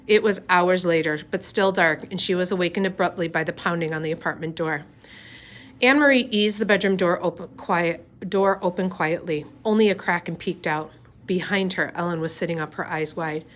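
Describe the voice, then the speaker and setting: A woman reading a novel aloud, unhurried, with small slips and restarts. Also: lowish voice. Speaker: reader.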